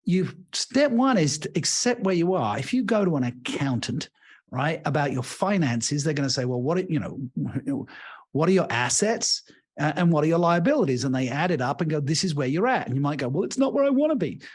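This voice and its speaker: A man's voice: a little high, moderate pace, slightly rough. A man who works as a leadership coach and author, talking expansively in a podcast interview, telling stories and acting out the voices of the people he describes. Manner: expansive storyteller, animated.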